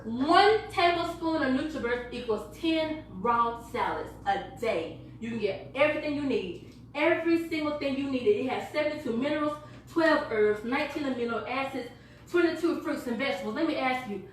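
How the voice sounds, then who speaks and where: Energetic woman pitching to a room. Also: fairly quick, slight background noise. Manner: energetic, chatty, laughing, quizzing the audience. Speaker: product presenter. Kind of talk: lively sales pitch to a small group. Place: echoey room with a small live audience. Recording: echoey room from far off.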